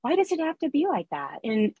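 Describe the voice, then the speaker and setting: Woman guest, husky, dry close sound; chatty storyteller, full of "like" and "you know.". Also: sits high, a little fast, no room sound, highs cut off. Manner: chatty, animated storytelling with fillers and laughs. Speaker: erotica author and audiobook narrator, guest. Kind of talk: casual interview chat.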